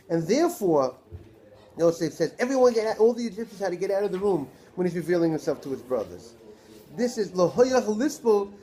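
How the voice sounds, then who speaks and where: A man, a rabbi, giving a Torah class lecture in an animated way, posing rhetorical questions to his listeners. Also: high-pitched.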